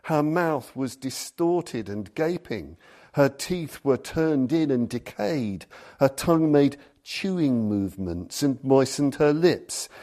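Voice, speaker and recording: Slow, storytelling Buddhist teacher, male. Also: mid-range voice, animated, mellow. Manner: storytelling, reads passages aloud. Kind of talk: dharma talk.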